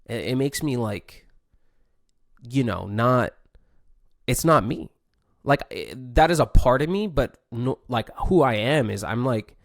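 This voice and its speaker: A man's voice: lowish voice, lively intonation, normal speed, vocal fry, no room sound, studio quality. A young man hosting a podcast, thinking aloud in a casual, rambling monologue full of fillers and restarts. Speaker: podcast host, competitive surfer.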